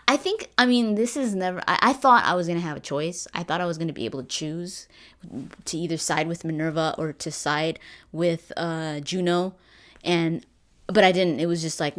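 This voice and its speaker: A woman's voice: lowish voice, normal speed, a bit bright. A woman in her twenties chatting casually about a game she just finished, rambling with fillers and restarts. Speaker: gaming vlogger. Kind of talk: casual game review chat.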